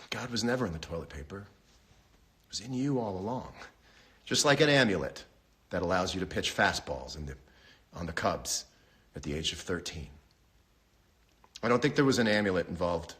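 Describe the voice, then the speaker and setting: Wry, rambling man on a livestream. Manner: rambling, wry, deadpan humor with sudden pitch jumps. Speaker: host. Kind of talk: casual livestream monologue. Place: home. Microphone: phone livestream.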